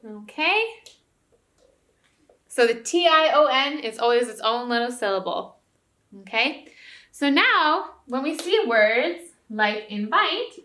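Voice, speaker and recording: A woman's voice: sits high, lively intonation, slow, pauses often, bright, forceful tone. A woman teacher giving a recorded spelling lesson to young students, patient and encouraging, often checking in with "okay?". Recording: roomy echo.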